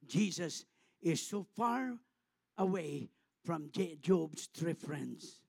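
A middle-aged Filipino man preaching a sermon as a pastor, swelling to loud, impassioned passages and dropping to soft, tender ones. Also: fairly high pitch, expressive, takes it slowly, vocal fry, slightly rough, no echo. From Philippines.

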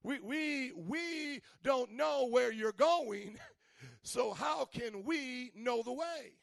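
An impatient apostle cuts in again and again with questions, as a man acts him out, in a high, gravelly voice. He sounds like the class know-it-all who has to ask right away. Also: drawn-out words, no room sound, studio quality, heavily acted. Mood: exasperated. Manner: impatient, interrupting.

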